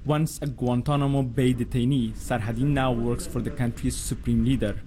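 Mellow-voiced male news reporter. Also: mid-range voice, steady tone. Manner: measured, formal delivery.

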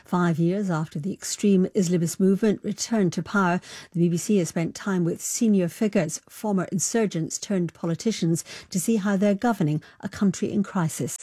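Low mellow female news presenter. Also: normal speed. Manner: crisp, formal link reading.

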